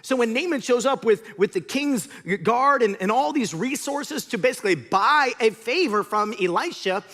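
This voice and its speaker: A man's voice: extremely high pitch, expressive, normal speed, bright, forceful tone. A male pastor preaching a sermon, telling stories animatedly and acting out scenes.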